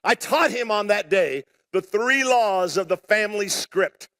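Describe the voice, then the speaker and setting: A man preaching a sermon to a congregation, telling a story in an animated, conversational way with self-deprecating humor and calling out for responses. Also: high voice, a little slow. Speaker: pastor. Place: church sanctuary before a live congregation.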